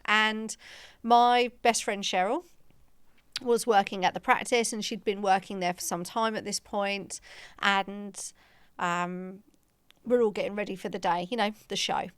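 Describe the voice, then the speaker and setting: A woman's voice: mid-range voice, steady tone, unhurried, smooth, no echo. A woman podcast co-host and practice manager, telling a story in casual chat and acting out the quoted dialogue with laughter.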